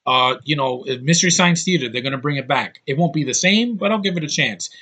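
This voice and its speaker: A man's voice: fairly high pitch, lively intonation, fast, sharp tone. A man ranting bluntly on a vlog, frustrated and exasperated, swearing often. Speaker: YouTube vlogger. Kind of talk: angry opinion rant.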